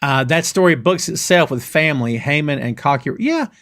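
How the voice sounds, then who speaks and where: Middle-aged male stream host, fairly high and very lively, casual ranting chat. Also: moderate pace. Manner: animated, ranting, addresses chat as "brother" and "dude". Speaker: host of a wrestling show. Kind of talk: live-stream rant reading chat comments.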